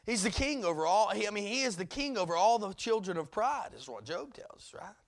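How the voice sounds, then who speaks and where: A male preacher with a strikingly high, gravelly voice delivers a sermon. He sinks to near-hushed passages and then climbs into loud, emphatic peaks, hammering single words again and again. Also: expressive, brisk. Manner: repeats key words for emphasis.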